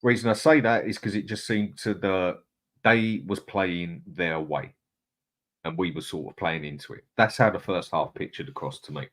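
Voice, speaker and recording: A man's voice: low-pitched, moderate pace, fairly bright tone. A man hosting a casual live stream, chatting and reading out viewer comments. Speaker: host.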